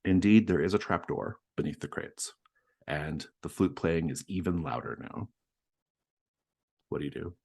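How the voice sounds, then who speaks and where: Male game master with an extremely low voice, measured scene narration. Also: vocal fry, darkish tone, slightly rough. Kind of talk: narrating a tabletop horror game.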